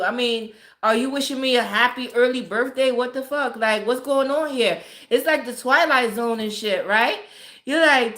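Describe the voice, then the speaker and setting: A woman's voice: high-pitched, moderate pace, bright, forceful tone. A woman hosting a casual livestream, greeting viewers by name, chatty and profane, laughing often. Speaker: livestream host. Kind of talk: casual live-stream chat.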